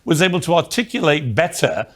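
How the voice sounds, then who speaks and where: A man hosting a TV panel debate, brisk and quick to cut in. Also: on the high side, very animated, fairly bright tone. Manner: brisk, interrupting. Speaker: TV host.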